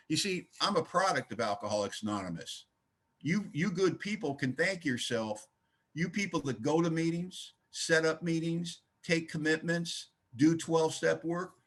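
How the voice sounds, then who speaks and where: Over a video call, a man with a voice on the high side and a fairly bright tone speaks at a recovery meeting. He tells his story in an emphatic, folksy way, with plenty of blunt humor.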